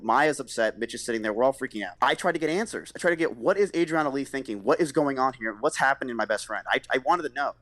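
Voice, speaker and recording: A man's voice: medium pitch, lively intonation, fast talker, few pauses, fairly bright tone, no room sound. A man on a recorded call, telling a story in an agitated, defensive way and swearing often. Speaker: streamer on a call. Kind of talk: emotional recounting in a recorded call.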